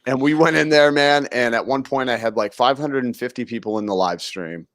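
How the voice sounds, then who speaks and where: A man's voice: mid-range voice, a little fast, a bit bright, no room sound. Easygoing guy co-hosting a podcast, rambly, dry close sound. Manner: easygoing, rambling with restarts and laughs. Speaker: co-host. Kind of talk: casual podcast chat.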